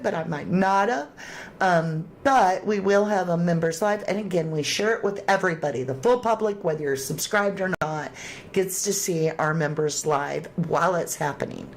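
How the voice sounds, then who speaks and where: There's a bit of hiss or hum behind this woman's lowish voice, which moves at a normal speed. She's running a true crime livestream, casually reading comments from viewers aloud and thanking them with terms of endearment.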